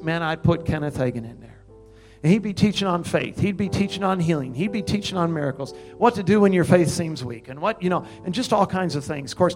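An older man preaching, telling a story in an animated way and breaking into loud laughs and high exclamations. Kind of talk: sermon testimony.

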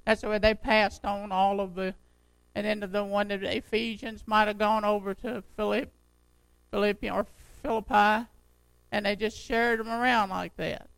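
An older man preaching a sermon to his church in a folksy, conversational way, his voice unsteady and jumping in pitch. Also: little pitch movement, normal speed, vocal fry, fairly bright tone, clean tone, no room sound, low-quality recording. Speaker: pastor.

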